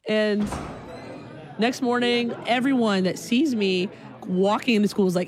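A young adult woman telling a personal story in an animated way, acting out the people in it. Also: medium pitch, a little slow.

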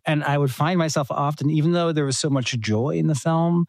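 A man's voice: fairly high pitch, a little fast, a little mellow, dry recording, rough recording. A man, a documentary filmmaker, talking earnestly in an interview with many fillers and restarts. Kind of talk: casual interview talk. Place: home room.

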